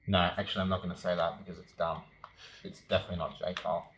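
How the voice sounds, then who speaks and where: A man's voice: low voice, little pitch movement, racing, fairly bright tone, a little hiss or hum. A man co-hosting a podcast, guessing quiz answers aloud in casual banter and second-guessing himself. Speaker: podcast co-host.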